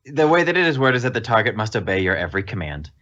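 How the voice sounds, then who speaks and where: A man narrating as game master of a tabletop game on a live stream, relaxed and easily laughing. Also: fairly low pitch, rapid-fire, muffled recording.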